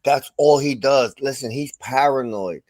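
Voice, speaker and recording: A middle-aged man talks casually on a livestream, spinning profane stories and breaking into laughs. His voice sits mid-pitch and sounds dry and close to the mic. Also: measured pace, a little mellow, no room sound. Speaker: stream host.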